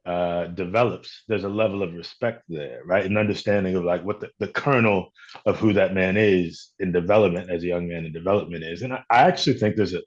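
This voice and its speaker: A man from Chicago, an actor being interviewed, talking reflectively and telling stories in a relaxed way. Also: sits low, fairly quick, lo-fi sound. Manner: reflective, storytelling with quoted voices. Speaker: actor guest. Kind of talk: casual interview talk.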